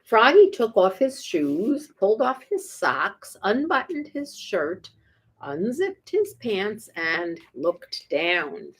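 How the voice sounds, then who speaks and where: Her medium-pitched voice swings widely in pitch, sounds slightly rough, and takes things slowly. She is a children's storytime reader, reading a picture book aloud playfully, chuckling and asking her young listeners frequent questions.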